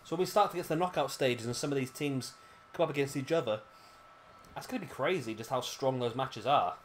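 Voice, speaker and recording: A man's voice: mid-range voice, a little fast, a little hiss or hum. A British man giving chatty, rambling play-by-play commentary over a wrestling video game, often correcting himself mid-sentence. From Britain. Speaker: gaming commentator.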